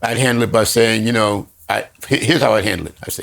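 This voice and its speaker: A man co-hosting a podcast in casual conversation, halting and repeating words, often laughing. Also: on the low side, vocal fry, fairly bright tone. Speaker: podcast co-host.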